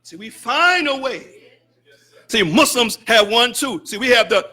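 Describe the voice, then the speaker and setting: A man preaching a fervent sermon as a student minister in a mosque, breaking into shouted bursts and wry, mocking asides. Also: extremely high pitch, lively intonation. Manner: mocks excuses in wry, drawn-out asides.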